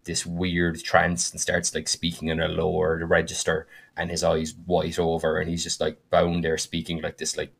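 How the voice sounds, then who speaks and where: A man, co-hosting a podcast and telling the story of a game he ran in an animated, filler-heavy way. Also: gravelly. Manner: animated, with frequent fillers and quick bursts of higher pitch. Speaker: podcast co-host and game master. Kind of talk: casual storytelling chat.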